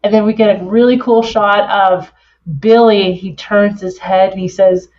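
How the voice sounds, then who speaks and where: A woman's voice: mid-range voice, fairly even intonation, normal speed, darkish tone. A woman from Canada, a podcast guest, retelling scenes in casual chat with many fillers. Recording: slightly dull lo-fi audio.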